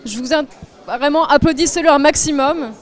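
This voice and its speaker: A woman's voice: high-pitched, fairly quick, background noise. A French woman presenting a live podium ceremony, chatty and self-deprecating, stumbling over names as she goes. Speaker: on-site event presenter.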